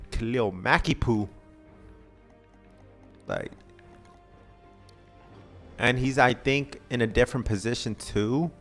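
A man casually commenting on a video game pack opening, excitable and begging the game for good pulls. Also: lowish voice, gravelly. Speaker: gaming channel host.

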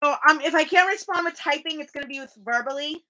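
A woman's voice: sits high, fast, pushed and bright, poor audio. A woman chatting to viewers about her home workout, rambling and restarting her sentences. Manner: rambling, chatty, restarts often, talks to live chat. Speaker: vlogger streaming a home workout. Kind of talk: casual chat to viewers. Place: small room at home. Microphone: camera or phone at home.

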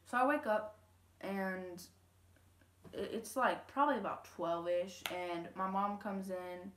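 A woman's voice: medium pitch, takes it slowly, fairly bright tone, roomy sound, slight background noise. A teenage girl from Louisiana telling a story to camera at home, rambling casually with lots of fillers and quoted dialogue. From Louisiana, USA. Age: teens. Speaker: vlogger. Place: home room.

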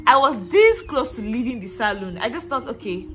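A woman's voice: on the high side, sing-song, moderate pace, faint music behind. A young woman from Nigeria with a Nigerian accent, chatting casually to camera in a hair vlog, rambling with many fillers and restarts. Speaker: hair vlogger.

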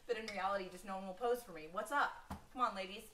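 A woman chatting her way through a live cooking stream, slangy and quick to laugh. She sounds set back from the mic in an echoey kitchen, with frying sizzling behind her. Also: medium pitch, sharp tone, recorded from a distance, slight background noise. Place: home kitchen. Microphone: camera held by someone else.

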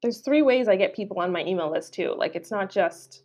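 A woman's voice: mid-range voice, expressive, a little fast, darkish tone. A woman hosting her own podcast, talking in a chatty, rambling, enthusiastic way. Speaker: podcast host. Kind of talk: casual solo podcast talk.

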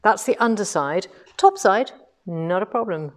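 A woman's voice: mid-range voice, lively intonation, a little slow. Chatty, self-mocking woman teaching quilting. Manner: chatty storytelling, self-deprecating, laughs at herself. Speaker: quilting shop owner and teacher. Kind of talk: live-streamed demonstration and lesson. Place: indoor quilting showroom.

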